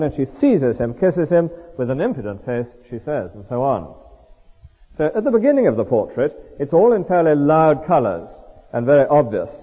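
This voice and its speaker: Husky-voiced preacher in an echoing hall. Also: male voice, medium pitch. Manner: lively, explanatory, reads verses aloud and comments on them. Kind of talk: expository sermon on scripture. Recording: tinny lo-fi recording in a reverberant hall.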